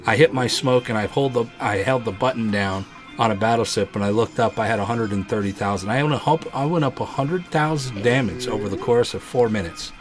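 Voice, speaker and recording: A man hosting a live gaming podcast, telling stories in a rambling, animated way with many restarts. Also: medium pitch, brisk, few pauses, faint music behind. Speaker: podcast host.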